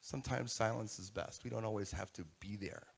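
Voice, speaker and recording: Giving an animated live keynote at a conference, the man keeps quizzing the audience as he goes. He speaks briskly in a lowish, gravelly, husky voice.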